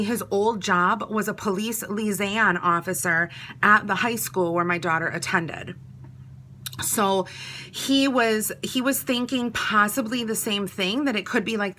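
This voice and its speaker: A woman's voice: medium pitch, bright, forceful tone, slight background noise. A woman, telling a personal story in a casual, chatty way, full of "like" and acted-out quotes. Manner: chatty, many "like"s, acts out quoted talk.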